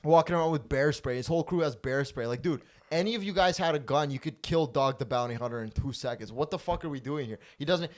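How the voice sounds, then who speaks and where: A man hosting a podcast, telling a story in casual chat and loudly acting out the quotes, with plenty of swearing. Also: a little high, quick pace, few pauses. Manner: profane, animated storyteller who acts out quotes loudly. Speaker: podcast host.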